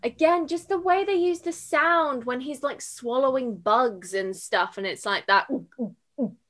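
A woman's voice: high-pitched, a little slow, fairly bright tone. A woman chatting about a film, emotional and tearful, laughing through her words. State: crying. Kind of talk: casual film discussion.

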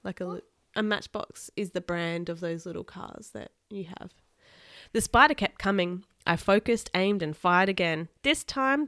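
A woman reading a children's book aloud to live viewers, expressive and chatty between passages. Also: on the low side, dry recording, studio quality. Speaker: storybook reader.

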